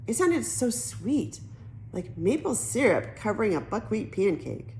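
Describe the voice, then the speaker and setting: Female audiobook narrator for a kids' novel; animated, wide-ranging delivery. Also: mid-range voice, measured pace, a little hiss or hum, poor audio. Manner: lively storytelling, switches into character voices. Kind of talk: reading a children's novel aloud.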